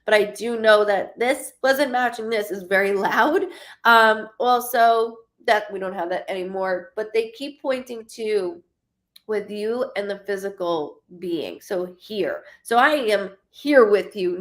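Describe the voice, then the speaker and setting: A woman in her thirties giving a live-streamed psychic reading, halting and stuttering, often repeating words as she searches. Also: mid-range voice, a bit bright. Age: 30s.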